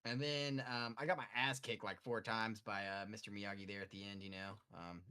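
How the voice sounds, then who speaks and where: A man's voice: on the low side, fairly even intonation, normal speed, sharp tone, clean tone. A man co-hosting a casual game podcast, rambling and hesitant, with lots of ums as he recounts playing. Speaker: podcast co-host.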